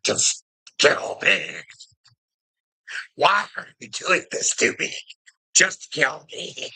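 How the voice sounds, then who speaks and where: A man mockingly voicing a despairing old male prophet who begs to die, in a drawn-out pleading tone. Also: fairly high pitch, gravelly, bright, forceful tone, breathy edge, pitched above the performer's own voice, heavily acted.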